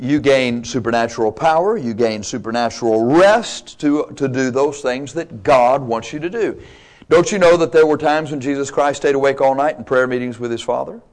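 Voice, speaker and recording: A man preaching a sermon, emphatic and dynamic, with playful asides to the congregation. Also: medium pitch. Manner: emphatic, swings between loud and quiet, playful asides.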